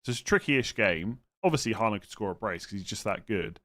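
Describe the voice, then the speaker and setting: A man's voice: on the low side, animated, quick pace, fairly bright tone. Man musing aloud on a live stream. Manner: thinks aloud, hesitant, with restarts and exasperated asides. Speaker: fantasy football streamer answering chat. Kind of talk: casual live-stream chat.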